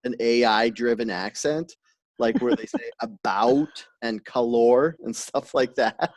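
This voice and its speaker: A man hosting a casual podcast chat, talking quickly and laughing often. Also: mid-range voice. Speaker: podcast host.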